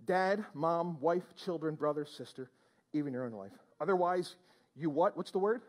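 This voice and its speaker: A man's voice: fairly high pitch, normal speed. A male pastor preaching a sermon in church, exclaiming and prodding the congregation with questions.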